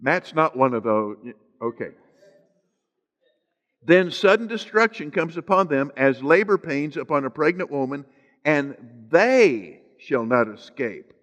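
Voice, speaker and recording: A man's voice: a little high, big pitch swings, measured pace, a bit bright. A man preaching a sermon as pastor, stretching out scripture phrases for emphasis and slipping in joking asides to the congregation. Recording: long hall reverb.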